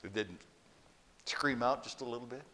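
A man's voice: mid-range voice, normal speed, pushed and bright, slight background noise. A man preaching a sermon to a church congregation, telling stories and asking the people questions. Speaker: pastor.

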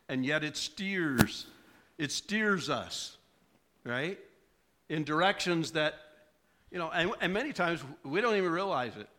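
Middle-aged guy preaching a sermon, slow and unhurried, bright clear voice, keeps asking the church questions. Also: high voice. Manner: storytelling, talks to congregation with rhetorical questions.

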